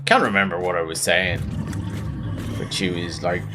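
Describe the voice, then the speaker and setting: Music plays under a low, moderately paced male voice with a Northern Irish Belfast accent. The tired gaming video host rambles through his gameplay commentary, repeating words and joking at his own expense.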